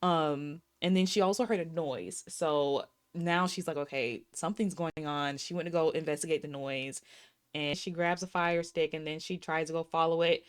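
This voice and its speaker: A woman's voice: deep voice, fairly even intonation, normal speed, clean tone. A woman in her thirties recapping and reviewing a film in a casual, sassy way, talking straight to her viewers. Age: 30s. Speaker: movie reviewer.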